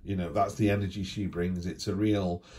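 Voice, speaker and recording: A man's voice: low-pitched, level tone, normal speed, dark tone. A man giving a casual weekly tarot reading, chatty and rambling, with fillers and asides. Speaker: tarot reader.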